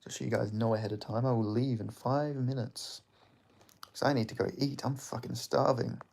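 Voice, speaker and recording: Aussie streamer, male, mid-pitched, casual chat host, swears freely, jokey, laughs a lot. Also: steady tone, moderate pace, vocal fry, darkish tone. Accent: Australian. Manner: loose and joking, swears often, laughs between lines. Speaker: livestream host. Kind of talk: casual livestream chat, reading viewer comments.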